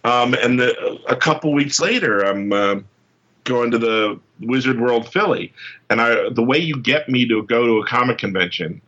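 A man from England, a comic book writer telling rambling, excitable anecdotes as an interview guest, full of restarts, in a muffled lo-fi recording. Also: mid-range voice, normal speed. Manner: rambling, excitable, many restarts and fillers, acts out quotes.

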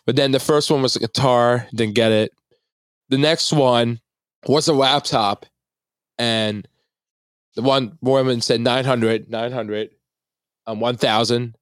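A young man from the Philadelphia area, a guest public speaker, telling an excited story and acting out the lines he quotes. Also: slow, long pauses, clean tone, dry recording, studio quality. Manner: animated, acts out quotes with big jumps in pitch.

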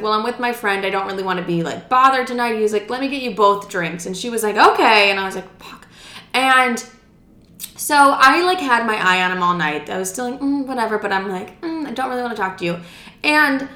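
A woman's voice: medium pitch, fairly bright tone, reverberant. A woman in her twenties telling a dating story casually, chatty and profane, acting out the dialogue as she goes. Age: 20s.

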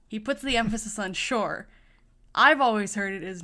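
A woman's voice: medium pitch, moderate pace, bright, forceful tone. Chatty woman podcast co-host. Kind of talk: casual chat.

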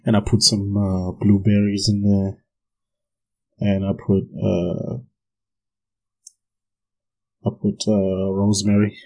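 Husky man ranting on a podcast. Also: on the low side, completely flat delivery, slow pace, pauses often, mellow, low-quality recording. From South Africa. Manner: swearing, laughing, rambling with many restarts. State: drinking gin while talking. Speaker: podcast host. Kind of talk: casual solo podcast rant.

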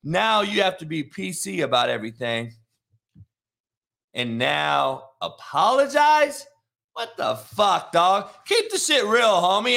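A man giving a heated, profane sports rant, repeating himself and now and then breaking into shouts. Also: high voice, sing-song, slow, vocal fry. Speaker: sports commentator.

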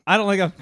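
A man co-hosting a casual podcast over beers, animated and laughing often, swearing freely. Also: mid-range voice, dry recording, studio quality. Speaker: podcast co-host.

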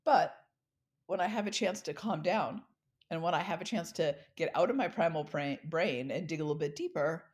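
A middle-aged woman telling a personal story in a talk, expressive and acting out the dialogue she recalls. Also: deep voice, moderate pace. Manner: expressive, acts out quoted dialogue. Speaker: speaker.

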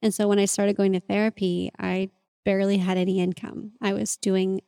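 Woman, podcast host, reflective monologue, earnest and open, mellow tone. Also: mid-range voice, little pitch movement, normal speed, gravelly, no room sound. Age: adult parent.

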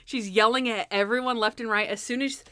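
A woman's voice: on the high side, fairly even intonation, fairly quick, bright, forceful tone, clean tone, no room sound. A woman co-hosting a casual chat about a TV episode, animatedly retelling scenes. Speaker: podcast co-host.

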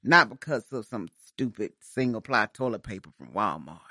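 A woman's voice: extremely low pitch, big pitch swings, moderate pace, pushed and bright, no echo. A woman co-hosting a casual chat, making dry, playful remarks. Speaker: podcast co-host.

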